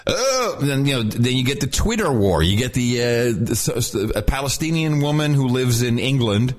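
A man's voice: mid-range voice, big pitch swings, normal speed. A man co-hosting a podcast, talking in a casual, exasperated, ranting way. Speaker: podcast co-host.

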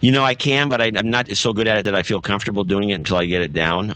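A man's voice: lowish voice, fairly even intonation, racing, pushed and bright, dry recording, low-quality recording. A man hosting a podcast, chatting casually and telling rambling anecdotes.

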